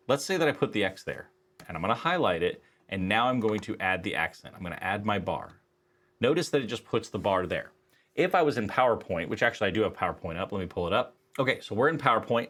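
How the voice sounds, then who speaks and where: A low-voiced man gives a screen-recorded software lesson for a statistics class. He talks casually and walks through each click step by step, filling pauses as he goes. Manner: casual, explains step by step with fillers. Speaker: statistics instructor.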